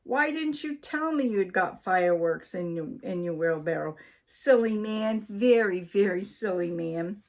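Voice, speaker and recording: A woman reading aloud and voicing a fussy, flustered wife in a high, shrill, scolding voice. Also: expressive, unhurried, few pauses, darkish tone.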